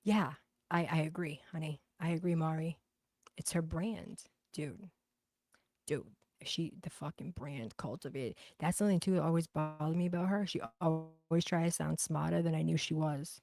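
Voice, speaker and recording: Brash Boston woman streamer, deep voice with fry, cursing casual talk. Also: moderate pace, darkish tone, dry recording. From Boston, USA. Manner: blunt, profane, chatty. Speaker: livestream host. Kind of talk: casual livestream chat, reading comments.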